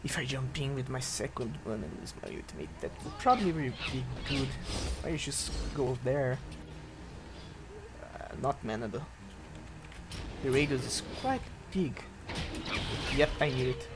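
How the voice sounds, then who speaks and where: A man talks through his gameplay in unhurried stretches that burst into excited yelling and swearing. His voice sits a little high and leaps all over the place. Loud game noise plays under him. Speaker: gameplay commentator. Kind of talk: let's-play commentary.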